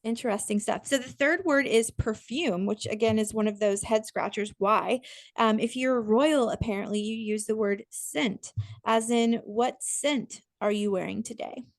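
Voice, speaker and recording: A woman's voice: a little high, moderate pace, no room sound. A woman co-hosting a podcast in casual chat, talking in a chatty way that often breaks off and restarts, with lots of fillers. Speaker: podcast co-host. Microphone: podcast microphone.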